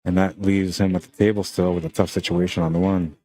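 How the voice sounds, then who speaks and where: A man's voice: deep voice, flat delivery, fairly quick, dark tone. A man from Canada with a Spanish accent, giving laid-back, chatty live-stream commentary on a pool match and talking viewers through the shots.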